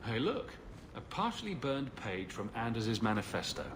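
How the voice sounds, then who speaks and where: An actor playing a sarcastic male mage hero in a game, tossing off deadpan quips. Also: medium pitch, normal speed, over music, natural voice.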